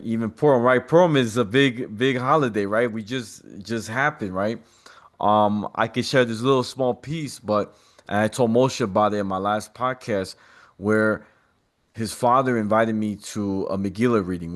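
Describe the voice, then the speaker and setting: A man with a somewhat low voice, a podcast guest speaking in casual conversation. He tells his stories with animation and street slang.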